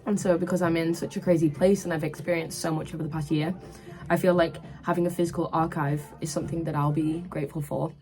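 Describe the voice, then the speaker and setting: A young woman of twenty from England chats to camera from her room, her voice sitting a little low. She tells her story in a quick, animated, casual way, and soft music plays faintly underneath. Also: rough recording. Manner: animated, breathless retelling with lots of "like" and "literally". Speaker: vlogger. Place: her own room at university.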